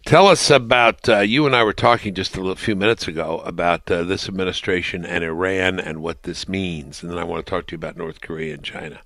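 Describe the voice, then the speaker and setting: Male radio host, very deep voice, dry close sound, hesitant commentary full of uhs and restarts. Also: fairly even intonation, a bit bright, no echo. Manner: halting, many fillers and restarts. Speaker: radio talk show host. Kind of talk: political talk radio commentary.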